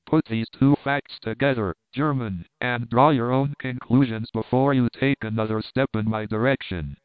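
A fierce, proud noblewoman issues cold, firm commands, as a man reads her part. She speaks slowly in a low, clear voice. The sound is dry and narrow, like a phone. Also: fairly even intonation, dry recording, lightly acted. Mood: commanding.

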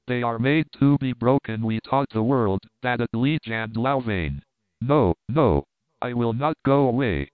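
A man's voice: medium pitch, lively intonation, a little slow, clear, resonant tone, no room sound, natural voice. A man voicing a cruel, leering German officer who mocks and wheedles, with a tinny, phone-like sound. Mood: mocking. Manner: mocking, hollow laughter, wheedling.

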